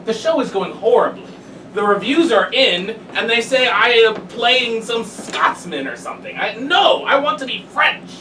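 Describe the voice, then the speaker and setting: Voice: medium pitch, sing-song, moderate pace, pushed and bright. A performer playing a flustered drama student putting on a bad French accent in an improv scene, heard from a distance in a noisy, echoey room. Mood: pleading. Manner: exaggerated, flustered, pleading. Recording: distant echoey stage recording with room noise.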